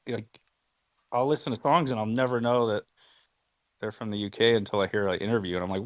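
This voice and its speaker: A man's voice: medium pitch, fast, no room sound. Laid-back male host, dry close sound. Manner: relaxed, laughing, curious questions. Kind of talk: casual chat.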